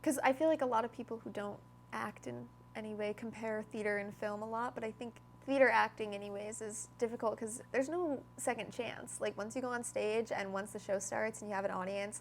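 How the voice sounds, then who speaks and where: A young woman answers interview questions about her stage work in a bubbly, casual manner, with her voice at an ordinary middle pitch. She sprinkles in "like" often, and a faint hum sits behind her. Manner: bubbly, lots of "like", laughs while talking. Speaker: actor, interview guest.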